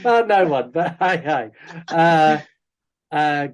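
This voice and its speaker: A man's voice: on the high side, animated, slow. A man hosting a podcast, chatting casually about a film with many ums. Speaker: podcast host. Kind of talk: casual film review chat.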